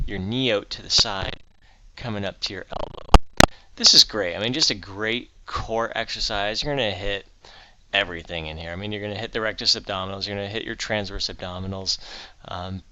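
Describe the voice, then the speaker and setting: A man's voice: on the low side, bright, forceful tone, clear, resonant tone, no room sound, dull audio. A middle-aged man vlogging his day and explaining exercises in a casual, upbeat way, with frequent fillers. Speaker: fitness vlogger. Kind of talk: casual vlog and exercise instruction. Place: home office, then a gym.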